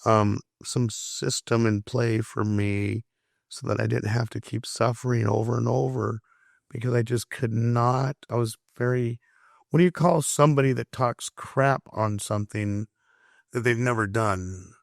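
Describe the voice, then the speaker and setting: A man on an interview tells his story in an earnest, impassioned way, repeating words as he hunts for the right one. His voice sits at a middle pitch. The sound is dry and close. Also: steady tone, measured pace, vocal fry, no echo. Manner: frank and impassioned, repeats words as he searches for them. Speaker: recovery counselor guest.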